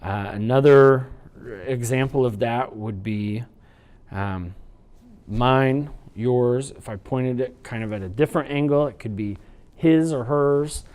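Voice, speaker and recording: A man teaching a sign language training unit in an instructional lecture, explaining patiently and slowing down to demonstrate. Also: mid-range voice, darkish tone. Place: training video recording.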